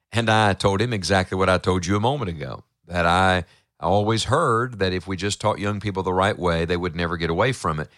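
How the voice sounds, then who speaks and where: A man's voice: low-pitched, fairly bright tone, dry recording. A man preaching an earnest Bible-teaching sermon, speaking emphatically into a close mic.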